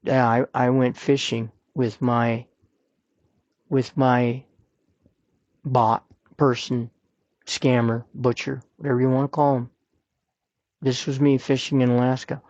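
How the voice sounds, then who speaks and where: A man's voice: mid-range voice, steady tone, slow, long pauses, a little mellow, dry recording, highs cut off. A man hosting a podcast, giving earnest, plain-spoken advice and repeating his points for emphasis. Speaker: podcast host. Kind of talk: personal advice talk.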